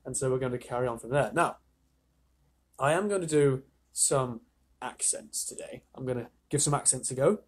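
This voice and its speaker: A man reading a children's story aloud on a live stream, chatty, with playful asides, his voice slightly husky. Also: mid-range voice, normal speed.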